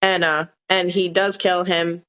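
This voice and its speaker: A woman's voice: fairly low pitch, level tone, a little slow, fairly bright tone, clear, resonant tone. Chatty Southern woman recapping a show. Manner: rambling, retells scenes with quoted lines. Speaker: podcast co-host. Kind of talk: casual chat recapping a TV episode.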